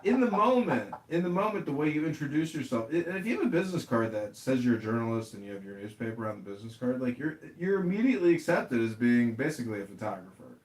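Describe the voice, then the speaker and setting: Guy hosting a chat, cussing a lot, really lively up and down voice. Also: mid-range voice, fast talker, hardly any pauses, recorded from a distance. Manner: profane, animated storyteller. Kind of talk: casual chat. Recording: roomy echo.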